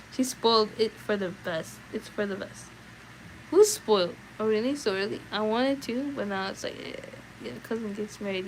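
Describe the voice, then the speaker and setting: A young adult woman streaming a read-aloud, chatting casually with viewers in an animated, filler-heavy way. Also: mid-range voice, a little hiss or hum, low-quality recording.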